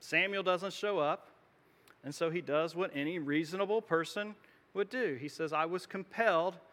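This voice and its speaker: Pastor, male, conversational sermon delivery with frequent restarts, high bright voice. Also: normal speed. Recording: long hall reverb.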